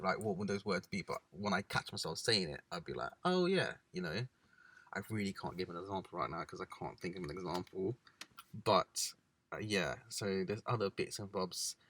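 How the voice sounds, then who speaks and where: A man's voice: sits low, brisk, a bit bright. Laid-back guy chatting. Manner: chatty, laid-back, drops into slang impressions. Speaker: podcast co-host. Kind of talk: casual chat. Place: parked car.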